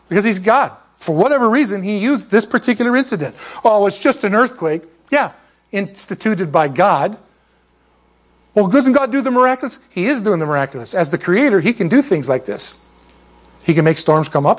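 High-voiced preacher, animated and jokey. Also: male voice. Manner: animated, jokey storytelling with laughs. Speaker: pastor. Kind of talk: sermon.

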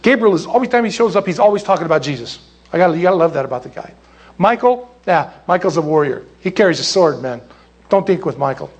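A man preaching a sermon in an animated, jokey way, with acted asides. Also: on the high side, breathy edge. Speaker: pastor.

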